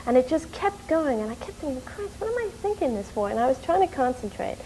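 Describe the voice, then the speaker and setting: A woman from New York telling a story in an interview, animated and rushing, with many fillers. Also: sits high, slight background noise, poor audio. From New York, USA. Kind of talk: casual storytelling.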